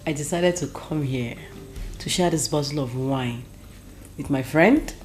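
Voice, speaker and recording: An actress playing a weary palace wife. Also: female voice, low-pitched, unhurried, a little mellow, faint music behind. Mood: friendly. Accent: Nigerian.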